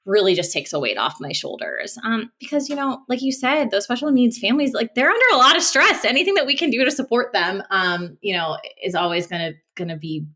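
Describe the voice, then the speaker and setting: A woman's voice: a little high, lively intonation, fairly quick, hardly any pauses, pushed and bright. A woman speech-language pathologist talking earnestly and passionately as a podcast guest, with frequent restarts and fillers. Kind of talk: casual podcast interview.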